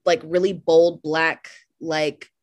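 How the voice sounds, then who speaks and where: A young woman, a makeup artist guest, chatting casually and telling lively stories on a podcast. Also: deep voice, takes it slowly. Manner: animated storyteller, laughs while telling.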